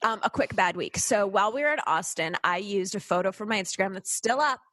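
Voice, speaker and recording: This podcast co-host, a woman with a mid-range voice and a brisk delivery, tells a story in a casual, animated manner. She swears freely and acts out people's lines, with no room sound in the recording.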